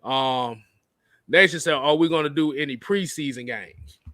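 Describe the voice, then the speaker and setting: Male co-host, casual talker, lively and laughing, high bright tone. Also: normal speed, no echo, studio quality. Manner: laughing often, acts out quotes. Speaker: podcast co-host. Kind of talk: casual chat.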